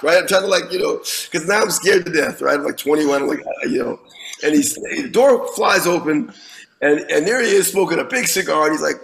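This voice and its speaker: A man in his fifties, a guest musician telling a lively story in an interview, swearing freely and often restarting with repeated words. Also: a little high, a little fast, creaky, rough recording.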